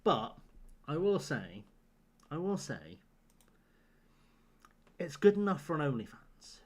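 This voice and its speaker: A man's voice: on the high side, very animated, takes it slowly, darkish tone, slightly rough. Tired man joking on a late-night stream. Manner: joking banter with chat, frequent laughter, rambling. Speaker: live-streaming gamer. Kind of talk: casual live-stream chat. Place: at home.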